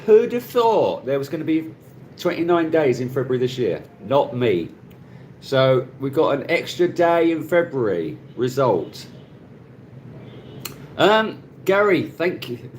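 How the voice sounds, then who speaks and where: A man's voice: mid-range voice, very animated, unhurried, a little hiss or hum. A middle-aged man hosting a casual live stream from his phone, chatting and greeting viewers by name and laughing often. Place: Cebu, Philippines.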